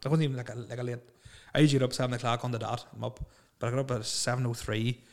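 A man's voice: medium pitch, flat delivery, racing. A young man in casual chat, rambling through stories, laughing often and swearing freely.

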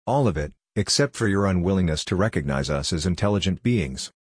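A man voicing a calm, coldly logical android envoy who speaks in a level, matter-of-fact way. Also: sits low, brisk, breathy edge, no room sound, clean studio sound.

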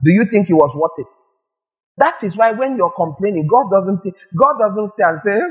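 A male preacher giving a lively sermon, firing rhetorical questions at the congregation and acting out little scenes. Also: sits high, normal speed, lo-fi sound.

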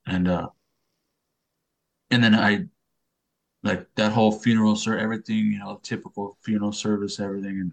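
A man's voice: deep voice, slightly rough. A man guest on a podcast telling a personal story in loose, profane street slang, rambling and unpolished. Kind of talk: casual storytelling.

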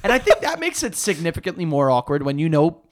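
A young man co-hosting a casual chat, telling animated stories and acting out what people said. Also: fairly high pitch, quick pace. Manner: animated storytelling, swearing freely, acts out quotes. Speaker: podcast co-host.

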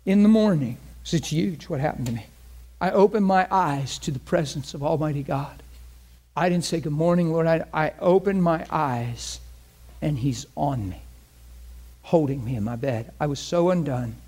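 A man preaching a personal testimony, swinging from hushed speech to loud, breaking, tearful cries. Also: on the high side, moderate pace, husky. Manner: earnest storytelling with quoted speech. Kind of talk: testimony sermon.

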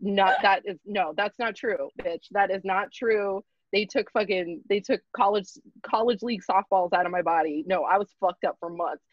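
A young woman comedian telling a story in a casual, profane, animated way and acting out the people in it. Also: medium pitch, moderate pace, few pauses, no echo. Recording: dull lo-fi sound.

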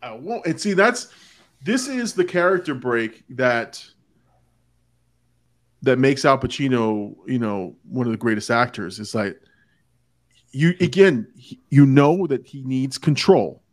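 A man hosting a casual podcast talk about a movie, animated, often acting out quotes in a changed voice. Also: medium pitch, measured pace, pauses often, no room sound, clean studio sound. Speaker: podcast host.

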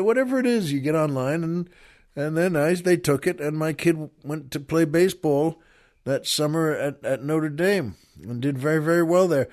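An older man with a slightly high voice hosts his show and tells a long story in a loose, rambling way. He laughs at his own tale as he goes, in a casual storytelling monologue. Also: a little mellow. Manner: rambling, self-amused, laughs through his own anecdote. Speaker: podcast host.

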